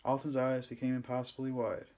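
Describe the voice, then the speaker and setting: A man reading a first-person novel aloud, with steady, gentle, unhurried storytelling. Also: mid-range voice. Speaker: audiobook reader.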